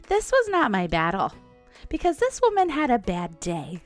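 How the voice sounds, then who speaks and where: Lively woman in her forties. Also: on the high side, normal speed, faint music behind. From United States. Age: 40s. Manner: animated, chatty, laughs often, acts out quotes. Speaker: podcast host. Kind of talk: casual storytelling monologue.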